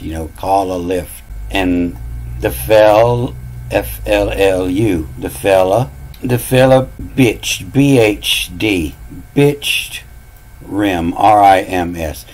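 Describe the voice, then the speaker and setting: A man's voice: low-pitched, takes it slowly, a little mellow, low-quality recording. A man talking through word meanings in a casual monologue, musing aloud, repeating phrases and spelling words out letter by letter. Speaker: channel host.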